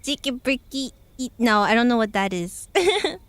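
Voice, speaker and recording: A woman's voice: a little high, sing-song, normal speed, fairly bright tone, dry recording. A young woman streamer chatting casually with her viewers, rambling with lots of fillers and frequent giggles. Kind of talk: casual chat with chat.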